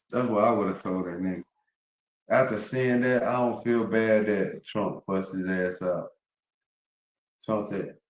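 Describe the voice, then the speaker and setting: A man's voice: lowish voice, darkish tone, roomy sound, slight background noise. A man streaming live, talking casually to his viewers, rambling and profane with heavy slang.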